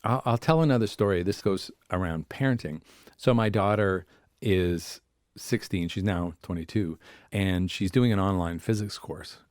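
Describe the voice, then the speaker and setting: This is a man speaking as a family therapist on a podcast, telling stories about his life. His voice sits low, and he sometimes acts out the voices of people in his stories. The recording is dry and close, with no room sound. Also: moderate pace, a little mellow, no echo. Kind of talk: conversational podcast storytelling.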